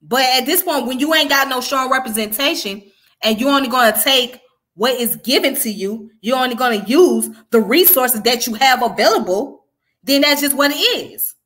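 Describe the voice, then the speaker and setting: A woman's voice: high voice, expressive, moderate pace, fairly bright tone. A woman with a Southern US accent giving frank, casual commentary as she answers viewer comments, repeating her points for emphasis. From Southern United States.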